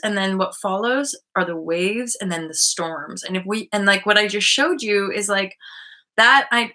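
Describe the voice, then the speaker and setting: Her voice is medium-pitched, bright and forceful as she hosts a casual live online show on spiritual healing. She talks openly and thinks aloud, using many fillers and swearing once in a while.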